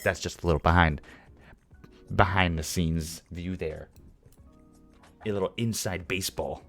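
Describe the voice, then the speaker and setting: A man with a deep, low-pitched voice chats on his livestream. He is casual and jokey and explains his reasoning step by step. Soft music plays faintly behind him. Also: steady tone, unhurried. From California. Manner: chatty, jokey, explains while working. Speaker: streamer.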